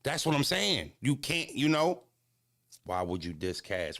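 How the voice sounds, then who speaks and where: Animated man ranting to his stream chat. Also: brisk, dry recording, studio quality. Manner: animated, repetitive, swings from low mutters to high exclaims. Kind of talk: casual live-stream rant.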